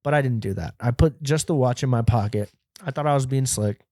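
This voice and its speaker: A man's voice: medium pitch, fairly quick, no room sound, studio quality. Profane young man telling a story. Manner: profane, animated, acts out quoted voices. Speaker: podcast host. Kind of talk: casual storytelling monologue.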